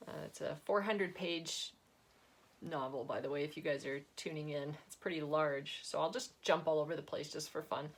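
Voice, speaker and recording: A chatty, giggly woman author introducing and reading from her own novel. She talks in a slightly low voice, a bit sniffly from allergies, with plenty of fillers. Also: steady tone, moderate pace, husky. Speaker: author and host. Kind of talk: casual chat and book reading.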